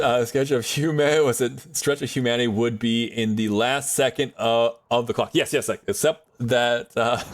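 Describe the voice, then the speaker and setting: A man streaming live and chatting with his audience in a rambling, jokey way, laughing often. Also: mid-range voice.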